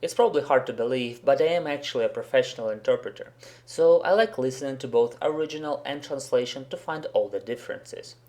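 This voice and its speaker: A man's voice: medium pitch, fast, darkish tone. A man hosting a commentary video, giving a blunt, sarcastic and profane critique. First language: Russian. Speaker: host, professional interpreter.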